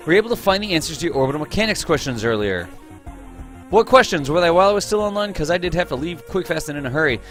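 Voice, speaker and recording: A man's voice: on the high side, fairly bright tone. A man hosting a live game stream, chatting casually with his viewers, greeting them by name, teasing them and laughing often.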